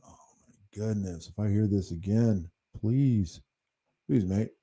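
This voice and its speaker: A man's voice: fairly low pitch, moderate pace, dark tone. An American man hosting a livestream, talking in an indignant, rambling way, full of fillers and restarts. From United States. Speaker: livestream host.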